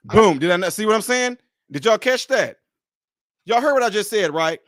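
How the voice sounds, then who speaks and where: A man's voice: high voice, lively intonation, a little fast, fairly bright tone, no room sound, studio quality. A man hosting a casual livestream, talking straight to his viewers, repeating his points emphatically. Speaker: livestream host.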